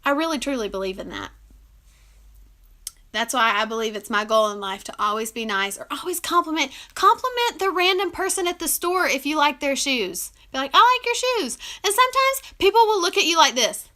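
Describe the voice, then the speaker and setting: Bright, high-voiced emotional woman vlogger. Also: sing-song, a little fast. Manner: warm, emotional, giggly, earnest. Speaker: relationship advice vlogger. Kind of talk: casual heartfelt talk to camera.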